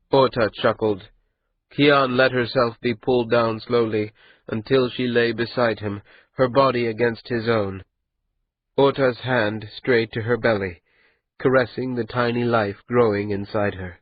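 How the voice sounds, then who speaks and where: A man reading a fantasy novel aloud in a measured, even style of scripted narration. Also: medium pitch, dry recording, lo-fi sound. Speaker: audiobook narrator.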